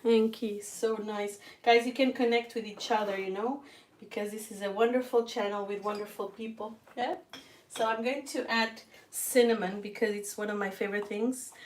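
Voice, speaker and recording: Lady cooking live in her kitchen, chatty and laughy, kinda sick and worn out, mid pitch voice, a bit of dish clatter in the back. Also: steady tone, normal speed, slight background noise, low-quality recording. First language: Portuguese. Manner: chatty, laughs often, speaks straight to viewers. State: feeling weak and ill. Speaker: cooking channel host. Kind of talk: live-stream cooking chat. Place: home kitchen.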